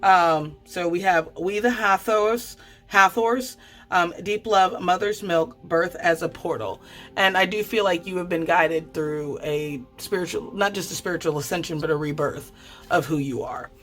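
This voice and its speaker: A woman giving a casual tarot card reading, chatty and quick to swear, often stammering and restarting her sentences. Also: on the low side, fairly bright tone, faint music behind. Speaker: tarot reader.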